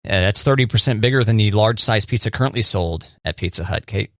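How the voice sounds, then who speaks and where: A man's voice: on the low side, fairly quick, fairly bright tone, no echo, clean studio sound. Playful man co-hosting a radio show. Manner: playful, teasing quiz-style questions. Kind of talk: casual banter.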